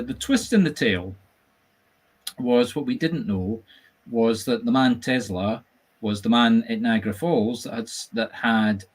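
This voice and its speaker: Chatty Scottish man hosting a livestream. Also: on the low side. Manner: chatty, animated, jokey storyteller. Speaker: medium and host. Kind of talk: casual live-stream chat. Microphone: video call setup.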